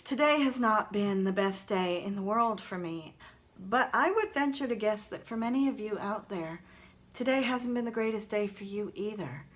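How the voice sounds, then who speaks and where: A woman's voice: mid-range voice, expressive, moderate pace. A woman talking earnestly and reflectively straight to her viewers in a gratitude vlog, recorded on her phone camera. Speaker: vlogger.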